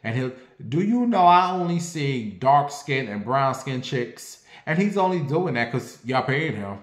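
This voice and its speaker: A man's voice: medium pitch, a little slow, reverberant. A man delivering a sassy, profane gossip rant in a casual online video. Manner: sassy, brash and profane, animated. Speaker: online commentator.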